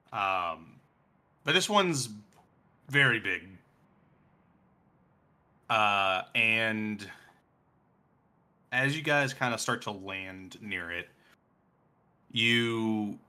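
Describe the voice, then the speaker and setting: A man's voice: on the low side, lively intonation, slow pace, long pauses, sharp tone. A man narrating a tabletop game as game master, hesitant with many fillers and frequent laughs.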